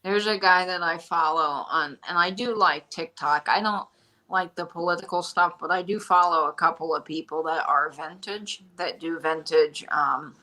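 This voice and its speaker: A woman hosting a casual live-stream chat, telling stories in an animated, chatty way. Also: fairly low pitch, moderate pace, rough recording. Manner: chatty storyteller, animated retelling. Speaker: shop host.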